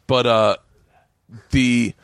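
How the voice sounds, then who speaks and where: A man hosting a podcast, telling a rambling, profane, animated story with many restarts in casual chat. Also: mid-range voice, very slow, vocal fry, smooth. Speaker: podcast host.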